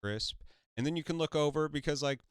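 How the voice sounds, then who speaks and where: A man hosting a casual interview over a video call, relaxed and agreeable, chiming in with short replies and laughing easily. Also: a little high, fairly quick, clear, resonant tone, dry recording, clean studio sound. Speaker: interviewer, show host.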